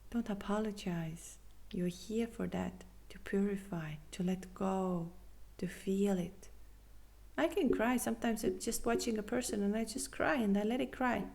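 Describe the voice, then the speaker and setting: A woman hosting a spiritual podcast, talking earnestly and reassuringly with non-native phrasing, sometimes dropping to a soft half-whisper. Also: mid-range voice, creaky. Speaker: podcast host and spiritual coach. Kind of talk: casual podcast monologue.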